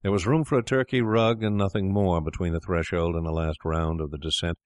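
A man reading a classic story aloud in a measured, deliberate narration. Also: sits low, fairly even intonation, no room sound, clean studio sound.

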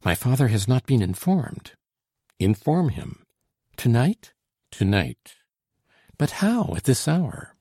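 A man's voice: medium pitch, very animated, slow pace, pauses often, warm tone, breathy edge, no room sound, studio quality, exaggerated voice. A man reading an audiobook, voicing an anxious young noblewoman with urgent, pleading questions. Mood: urgent, eager.

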